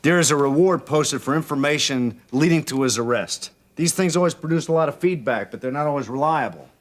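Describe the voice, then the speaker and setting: An actor playing a calm police detective who talks in a plain, reassuring way. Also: male voice, fairly high pitch, brisk, natural voice.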